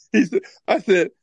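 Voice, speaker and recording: A man co-hosting a podcast, telling stories in a casual, animated way and laughing often. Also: sits high, husky, dry recording. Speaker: podcast co-host. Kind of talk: casual chat and storytelling.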